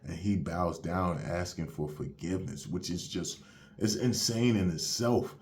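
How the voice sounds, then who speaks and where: Speaking low and at a measured pace, his voice a little mellow, a young manga reviewer recaps a chapter. He keeps it loose and slangy, tracing the plot step by step and using "you have it where" as he retells it.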